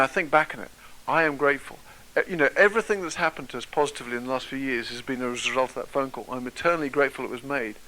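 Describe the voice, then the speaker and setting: A man's voice: fairly high pitch, pushed and bright, poor audio. A British man giving a motivational talk to an audience, telling a personal story in a conversational way and putting questions to his listeners. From Britain. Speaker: motivational speaker.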